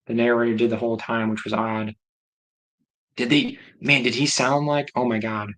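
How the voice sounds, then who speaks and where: A man's voice: mid-range voice, flat delivery, normal speed, fairly bright tone, rough recording. A man hosting a livestream, chatting casually and rambling as he reacts aloud to viewer comments. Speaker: livestream host.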